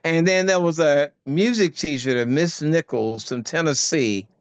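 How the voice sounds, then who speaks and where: An older man, a guest actor, chatting in an interview and telling stories animatedly, with many halting restarts. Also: no echo. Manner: animated storyteller, voice jumping high for quoted asides. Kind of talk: casual interview chat.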